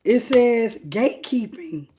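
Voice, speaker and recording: Woman tarot reader on a livestream, a bit high-pitched, animated and direct with her viewers. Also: slow pace, noisy background. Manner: animated, talks straight to the viewer and greets chat by name; repeats phrases for emphasis. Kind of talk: live tarot reading.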